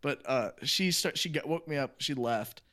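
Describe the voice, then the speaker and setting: A man's voice: mid-range voice, pushed and bright. Young guy, podcast host; casual, rambling storyteller who laughs a lot, mid-range voice. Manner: laughs often, talks fast in repeated bursts.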